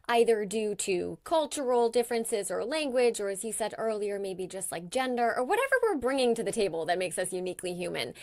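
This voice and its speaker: Woman podcast host, kinda high voice, thinks out loud, sums up what the guest said. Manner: reflective, thinks aloud, paraphrases the guest. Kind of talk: conversational interview.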